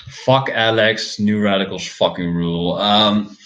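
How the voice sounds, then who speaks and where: A man's voice: on the low side, normal speed, a bit bright, lo-fi sound, slight background noise. Man ranting, swearing and stammering. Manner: profane, ranting, frequent stammered restarts. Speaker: music reviewer. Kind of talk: casual reaction commentary on songs.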